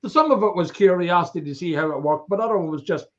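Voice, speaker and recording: An Irish man hosting a livestream in a loose, joking way, teasing his guest and reading out comments. His voice sits a little high, and the recording sounds dull and lo-fi. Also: quick pace. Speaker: auction livestream host. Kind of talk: casual livestream banter.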